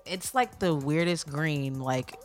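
A woman with a very low voice tells a rambling anecdote, leaning heavily on fillers. Her delivery is chatty and casual. Faint music runs under her. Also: takes it slowly. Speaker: podcast co-host. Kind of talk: casual storytelling.

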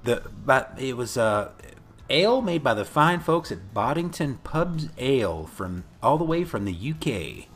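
A man's voice: medium pitch, unhurried, slightly rough. A man co-hosting a casual podcast, recapping a movie with profanity and frequent laughter. He is a bit tipsy from a couple of beers. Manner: profane, laughing, animated storytelling. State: slightly tipsy from beer. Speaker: podcast co-host.

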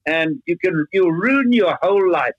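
A man in his eighties, a guest on a remote link, telling stories in an animated, earnest way. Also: sits high, a little slow, no room sound, muffled recording. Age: 80s. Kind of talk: interview.

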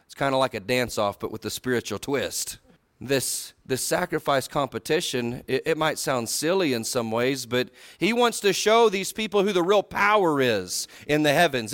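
A man preaching a sermon, telling a Bible story in a folksy way, swinging between loud, high bursts and low, quiet asides. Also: no echo, clean studio sound.

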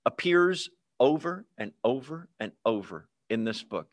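A man's voice: mid-range voice, very animated, measured pace, no room sound. Chatty man teaching a Bible study. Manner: conversational, with fillers and humorous asides. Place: online video meeting.

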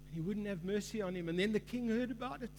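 A male pastor delivers a sermon in a hall with a long, ringing reverb. His voice sits high, and he builds in fervor, acting out the voices in a parable. A faint mains hum runs underneath. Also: fast, darkish tone. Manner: preaching with rising fervor, acts out quoted voices in a parable.

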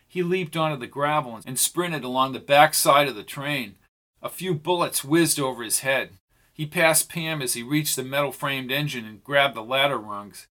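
A man narrating an audiobook in a steady, even storytelling voice. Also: medium pitch.

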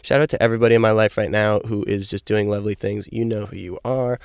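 A young man rambling casually and upbeat through a solo podcast, with plenty of fillers, and he is high. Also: fairly even intonation, quick pace, creaky, a little mellow, smooth, no room sound, studio quality. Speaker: podcast host.

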